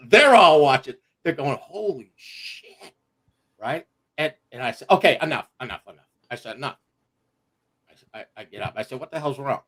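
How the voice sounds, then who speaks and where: A middle-aged man telling a personal story on a livestream, animated and profane, laughing as he goes. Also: mid-range voice, breathy edge. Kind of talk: casual storytelling.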